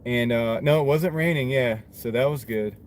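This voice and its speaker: A man talks loosely and casually to his viewers while out driving deliveries, reading out orders and drifting between topics. His voice sits at an ordinary middle pitch. Steady car and road noise runs under everything he says. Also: normal speed. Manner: rambling, chatty, reads out orders and answers chat. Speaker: delivery driver streaming live. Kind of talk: casual live-stream chat while driving. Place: inside a car. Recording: noisy car interior.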